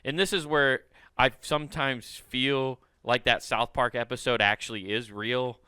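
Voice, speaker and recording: A man's voice: mid-range voice, steady tone, measured pace, bright, forceful tone, smooth, no echo, clean studio sound. A man co-hosting a comedy podcast, rambling through casual banter and laughing often at his own jokes. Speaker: podcast co-host.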